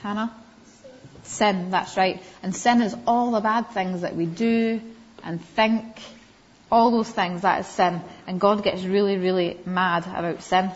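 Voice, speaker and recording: A woman giving a Bible lesson to young children, gently questioning them and calling on them by name. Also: medium pitch, steady tone, a little slow. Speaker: Sunday school teacher. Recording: slightly dull lo-fi recording.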